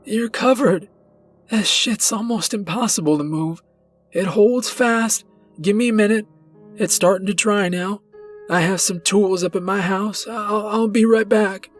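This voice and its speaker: A man voicing a rural stranger who becomes raspy and shrill with pain. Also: unhurried, soft background music. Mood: helpful.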